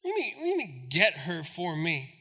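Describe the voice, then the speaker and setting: A man's voice: sits high, wildly swooping pitch, quick pace, sharp tone, husky, voice pushed down, exaggerated voice. A preacher voicing a stern father who is indignant and incredulous at his son.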